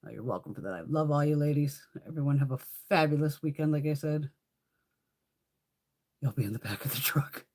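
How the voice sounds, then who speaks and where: A woman's voice: low-pitched, a little fast, warm tone. A woman from the United States hosting a makeup livestream, chatting casually with viewers, blunt and laughing often, with heavy swearing. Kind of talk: casual livestream chat reading viewer comments.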